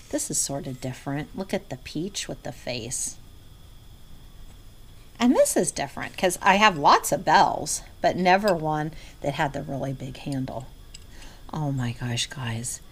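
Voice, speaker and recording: A middle-aged woman reselling vintage goods, chatting casually to her viewers and often dropping into an excited hushed near-whisper. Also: deep voice, unhurried. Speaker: vintage reseller showing inventory. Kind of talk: casual vlog chat.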